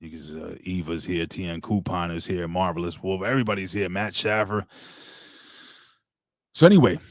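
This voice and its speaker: A man hosting a casual show, telling stories excitably with lots of swearing and giving loud, hype-style introductions. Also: sits low, moderate pace, no room sound, studio quality. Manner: excitable, profane storytelling with hype announcer intros. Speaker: podcast host. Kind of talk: casual chat.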